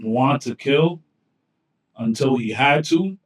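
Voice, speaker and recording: A man co-hosting a casual podcast in a relaxed, slangy way. His pitch sits in the middle range. He sounds a little away from the microphone. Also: slow pace, recorded from a distance. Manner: laid-back, slangy, many "like"s. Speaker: podcast co-host. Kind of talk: casual chat.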